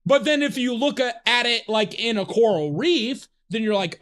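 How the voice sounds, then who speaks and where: A man live-streaming a video game, talking in a rambling, profane, excitable way and laughing often. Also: very high-pitched, normal speed. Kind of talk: live gameplay stream chat.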